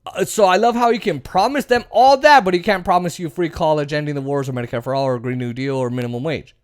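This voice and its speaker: A man's voice: fairly high pitch, quick pace, no echo, clean studio sound. A man hosting a political commentary show, ranting bluntly and profanely with many fillers. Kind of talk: casual political rant.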